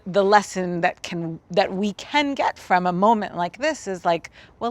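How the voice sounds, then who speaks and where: Casting: woman with an American accent, reflective co-host, casual, searching for words, fillers throughout. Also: lowish voice. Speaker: event co-host. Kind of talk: casual spoken presentation to a gathering.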